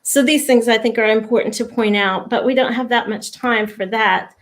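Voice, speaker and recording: A woman guest in an interview, patiently explaining diction and slowly demonstrating sample words. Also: fairly high pitch. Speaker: lyric diction expert, guest.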